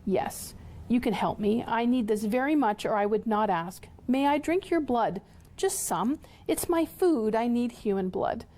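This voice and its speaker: A woman's voice: on the high side, lively intonation, a little slow, dark tone. A woman voicing a polite, pleading male vampire as she reads a novel aloud, with formal, stiff phrasing.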